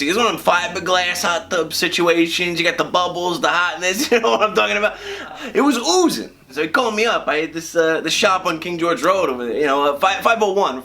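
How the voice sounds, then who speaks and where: Construction foreman, played by a man, high and brassy, rambles and stammers in a fake crime-show interview. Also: pushed and bright. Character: rambling crude male construction foreman, emotional and boastful. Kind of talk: mock true-crime interview sketch.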